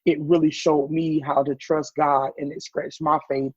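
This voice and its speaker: Southern man, husky and animated. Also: fairly high pitch, normal speed, no echo. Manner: animated storyteller acting out quoted voices. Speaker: podcast guest, business owner. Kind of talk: casual interview chat. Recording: dull, slightly muffled podcast audio.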